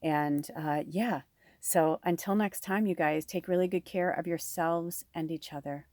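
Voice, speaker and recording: A woman's voice: on the low side, steady tone, measured pace, mellow, no echo, clean studio sound. A woman giving a casual tarot reading to her viewers, talking in a chatty, rambling, gushing way with plenty of fillers. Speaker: tarot reader and medium.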